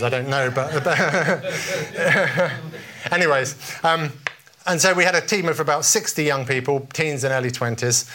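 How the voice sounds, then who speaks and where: A British man with a medium-pitched, sharp-toned voice delivers an informal sermon. He preaches in a chatty, conversational way, telling stories and frequently restarting his sentences.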